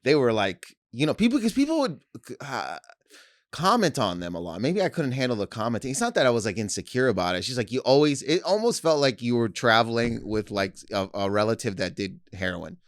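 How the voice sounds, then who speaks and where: A man's voice: mid-range voice, very animated, brisk, no echo, clean studio sound. A man co-hosting a comedy podcast, telling rambling stories in casual chat and laughing often. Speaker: podcast co-host.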